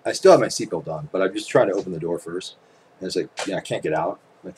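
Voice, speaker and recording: A man's voice: sits low, racing, a little mellow, a little hiss or hum, poor audio. A man talking to his viewers at home in a casual, emphatic rant, swearing often and firing off rhetorical questions. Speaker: channel host. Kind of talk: casual ranting monologue to camera.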